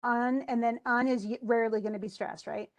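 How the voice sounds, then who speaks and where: A woman's voice: a little high, steady tone, fairly quick. A woman teaching an English class, reading a poem aloud and then explaining its stresses with frequent restarts. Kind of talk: classroom lesson.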